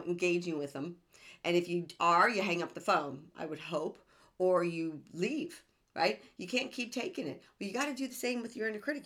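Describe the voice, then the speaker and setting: A woman hosting a self-help podcast in a bright, sharp-edged voice. She talks earnestly and with emphasis, and she keeps checking in with rhetorical questions. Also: fairly low pitch. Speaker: podcast host.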